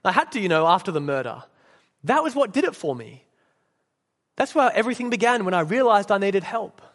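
A preacher reading a gentle, humble redeemed man. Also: high-pitched, very animated, fairly quick, big-room sound, heavily acted. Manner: gentle, hesitant, plain-spoken.

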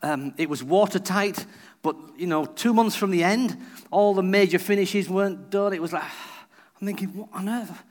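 A man's voice: sits high, normal speed, darkish tone. A man preaching a sermon as a visiting preacher, telling a personal story and acting out the people he quotes.

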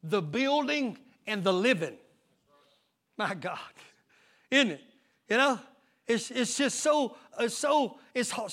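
High, bright-voiced pastor preaching. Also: male voice. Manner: preaching with rising shouts and repeated amens. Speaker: lead pastor. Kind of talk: call-and-response sermon. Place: church sanctuary.

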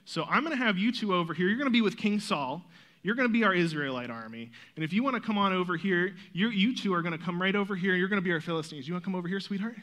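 A man with a high, bright voice leads a Bible story skit for children on a church stage. He coaxes the kids along warmly and tells the story with lively energy. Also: rapid-fire. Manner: lively storyteller, coaxing and encouraging.

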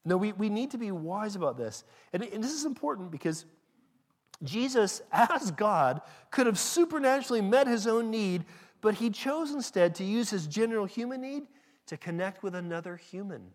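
A man's voice: high voice, sing-song, normal speed. A man preaching a sermon in a conversational, emphatic way, often restarting his phrases. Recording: long hall reverb.

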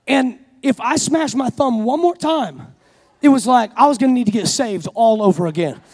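Male pastor, very high voice, sermon, self-mocking storyteller turning fervent, church hall reverb. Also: animated, moderate pace, a little mellow.

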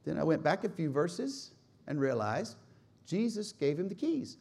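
A man in his forties preaching a sermon with animated, humorous storytelling. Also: fairly high pitch, a little slow, vocal fry. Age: 40s. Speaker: pastor.

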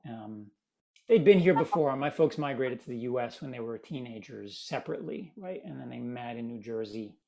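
A man from Miami, a guest in an interview, telling stories in a lively, casual way. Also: medium pitch, normal speed, creaky. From Miami, United States. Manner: animated, acts out quoted voices. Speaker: guest, theater maker.

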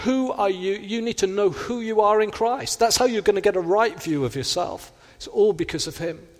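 A man preaching a sermon, earnest, sometimes acting out quoted inner voices. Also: high voice. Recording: long hall reverb.

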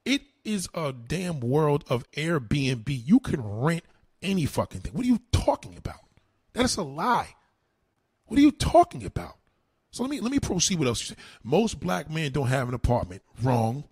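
A man tears into viewers' comments in a combative, profane livestream rant, repeating his retorts over and over. His voice is husky and sits a little high, and it swings up and down with a lot of life. The sound is close and dry. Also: big pitch swings, moderate pace, darkish tone, no room sound. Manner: combative, repetitive, heavy cursing and slang. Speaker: livestream host answering comments.

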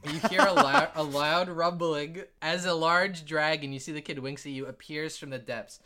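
A man's voice: fairly high pitch, moderate pace, bright, forceful tone. A man narrating as game master, rambling with many fillers and jumping into character voices.

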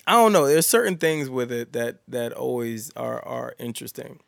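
A man co-hosting a podcast in casual chat, blunt and animated, swearing and laughing as he talks. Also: medium pitch, moderate pace, creaky, no room sound. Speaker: podcast co-host.

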